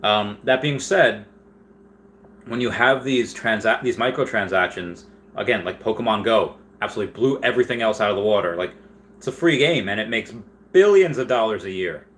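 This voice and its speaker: A man's voice: on the low side, moderate pace, fairly bright tone, slight background noise. A man hosting a casual live stream, reading chat questions aloud and rambling through answers with frequent restarts.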